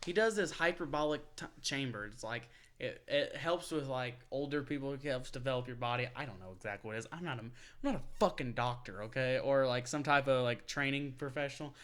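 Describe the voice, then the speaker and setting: A man's voice: mid-range voice, brisk, hardly any pauses, a bit bright. A young man rants through a casual sports podcast. He swears freely, laughs often and talks in bursts. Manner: profane, ranting, laughs often. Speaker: podcast co-host.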